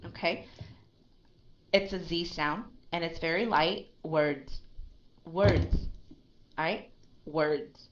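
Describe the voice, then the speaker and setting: A woman's voice: on the low side, slow pace, long pauses, fairly bright tone, dull audio. A woman teaching pronunciation in a live lesson, patiently correcting a learner and often checking in with "okay?" and "right?".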